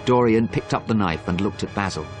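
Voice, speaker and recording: A man narrating a graded story in a steady, clear storytelling manner. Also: lowish voice, fairly quick, music in the background.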